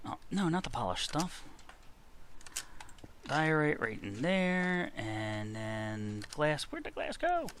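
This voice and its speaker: A man's voice: medium pitch, gravelly, fairly bright tone. Guy chattering thru a game, voice jumps up and down a lot, bit of faint hiss behind. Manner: chatty, muttering to himself, frequent exclamations. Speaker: gaming video creator. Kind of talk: casual gameplay commentary.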